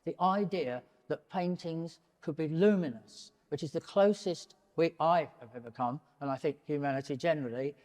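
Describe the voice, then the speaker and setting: A man's voice: a little high, normal speed, hardly any pauses. Older man talking in a reverberant gallery. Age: 70s. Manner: animated, digressive, breaks off mid-sentence. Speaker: painter and prize winner, interviewee. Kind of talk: public in-conversation talk. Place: large gallery hall, in front of an audience. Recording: long hall reverb in a gallery.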